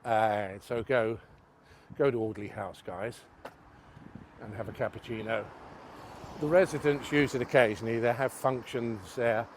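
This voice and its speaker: A man's voice: mid-range voice, steady tone, unhurried, slight background noise. A man giving a rambling, self-mocking walking tour outdoors on a city street, chatting to camera. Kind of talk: casual chat to camera.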